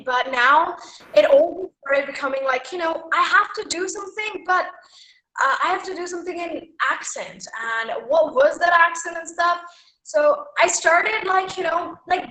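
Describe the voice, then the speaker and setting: Young Indian English woman, chatty motivational speaker, sharp bright tone. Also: extremely high pitch, measured pace, reverberant, low-quality recording. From Haryana, India. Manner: chatty, with many "like" and "you know". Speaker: guest speaker at a school. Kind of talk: motivational talk to students.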